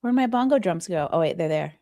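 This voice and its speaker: A woman's voice: fairly low pitch, expressive, fast, noisy background. A woman co-hosting a casual podcast chat, talking animatedly and laughing often. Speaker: co-host.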